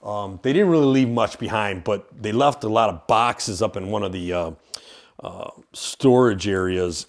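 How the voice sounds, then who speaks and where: A man with a lowish, gravelly voice casually explains his haunted house while touring an old industrial building. He rambles, restarting often and leaning on lots of fillers.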